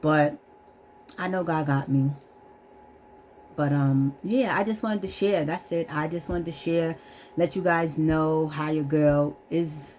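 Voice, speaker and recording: A middle-aged woman vlogger shares a candid, earnest testimony about her personal struggles, repeating herself as she holds back tears. Her voice is low, slow and a little mellow, with slight background noise.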